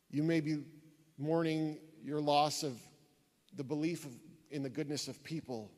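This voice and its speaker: A man's medium-pitched, somewhat mellow voice fills a large hall as he gives an earnest sermon-style talk to a church audience. He tells stories and repeats key phrases to drive his points home.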